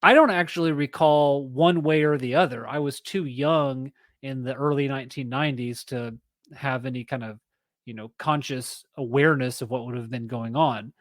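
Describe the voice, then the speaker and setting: A man's voice: medium pitch, steady tone, moderate pace, no room sound. A man in his thirties hosting a solo podcast, reading an article aloud with chatty, self-correcting asides. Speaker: podcast host.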